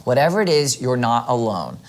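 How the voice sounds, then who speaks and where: Animated joking man co-host. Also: medium pitch, brisk. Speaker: co-host of a children's church show. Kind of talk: scripted kids' show banter.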